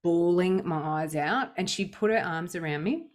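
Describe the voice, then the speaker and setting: A woman hosting a podcast, telling a personal story in a casual, animated way with lots of restarts. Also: lowish voice, moderate pace. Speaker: podcast host.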